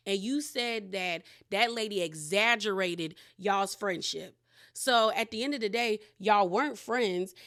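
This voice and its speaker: Woman vlogger, mid-range pitch, casual gossipy reality-TV recap. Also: a bit bright. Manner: chatty, gossipy, frequent "like" and "girl".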